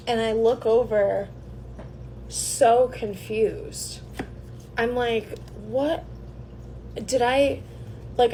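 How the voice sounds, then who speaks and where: A woman's voice: mid-range voice, a little mellow, slight background noise, low-quality recording. A woman giving a casual collective tarot reading, rambling and chatty, often hesitating with ums. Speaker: tarot reader.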